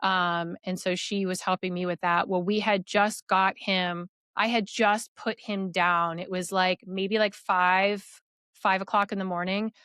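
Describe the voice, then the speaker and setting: Young woman rambling thru her story, lots of likes, smooth clear voice. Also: medium pitch, flat delivery, measured pace, fairly bright tone, no room sound, studio quality. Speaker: podcast guest. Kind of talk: personal storytelling.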